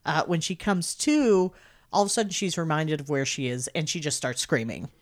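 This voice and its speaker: A woman's voice: deep voice, moderate pace, heavy background noise. A woman co-hosting a podcast, casually recapping a horror film with lots of swearing and laughter. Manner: lively, swearing, laughing often. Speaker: podcast co-host.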